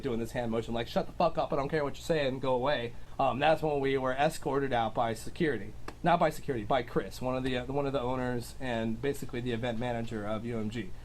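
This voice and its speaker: A man's voice: mid-range voice, slight background noise. A man telling his side of a dispute casually, rambling with many fillers. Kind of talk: casual storytelling.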